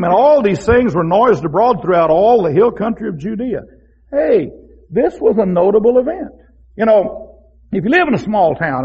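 A husky male pastor preaches in a folksy, storytelling way, bursting into shouts. His voice sits high and swings widely in pitch. The recording is dull and lo-fi. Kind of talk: sermon.

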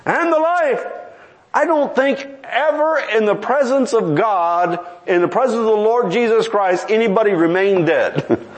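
Preaching at a moderate pace, a man brings scripture stories to life, quoting the characters in distinct voices with dramatic swings of pitch and pace. The recording is of low quality.

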